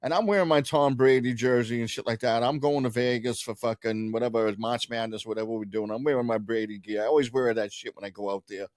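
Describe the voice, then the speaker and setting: Animated, swearing podcast storyteller man. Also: mid-range voice, quick pace, few pauses, dry recording. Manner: animated storyteller, profane, laughs often. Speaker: podcast co-host. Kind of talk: casual sports chat.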